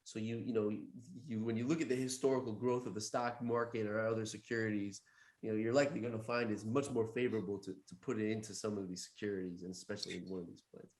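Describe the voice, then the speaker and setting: A man's voice: lowish voice, flat delivery, fast, darkish tone. Man hosting a tax podcast, echoey room. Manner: conversational, adds points with fillers. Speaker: host, accountant. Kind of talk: podcast interview.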